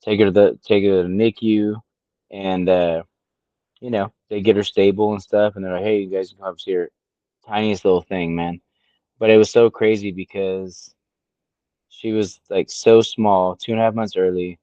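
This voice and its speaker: A man's voice: fairly low pitch, moderate pace, smooth, dry recording, muffled recording. A man in his late thirties, co-hosting a podcast, telling a personal story in a casual, profane way and acting out what others said. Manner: profane, storytelling, animated quoting. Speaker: podcast co-host.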